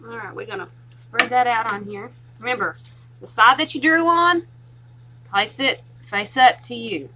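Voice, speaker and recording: A woman's voice: fairly high pitch, normal speed, bright, forceful tone, slight background noise, rough recording. A woman from Tennessee with a strong Southern twang, chatting casually and laughing often while she walks viewers through a craft project. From Tennessee, USA. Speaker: craft tutorial host.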